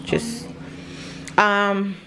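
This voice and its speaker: A woman from Jamaica hosting a casual family vlog at home, chatting in an unhurried way with many filler words. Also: mid-range voice, level tone, pushed and bright. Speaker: mother and family vlog host. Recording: noisy home recording.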